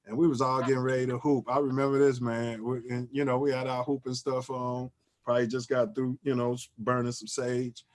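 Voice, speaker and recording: A man, hosting and telling a story in casual chat, animated and repeating and restarting his phrases. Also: mid-range voice, fairly quick. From Chicago. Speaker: host.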